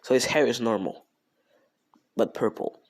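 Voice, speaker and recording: Rambling, gravelly-voiced guy telling a fan story. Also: medium pitch, a little slow. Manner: rambling, heavy with fillers and slang. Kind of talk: casual improvised retelling of a fan story.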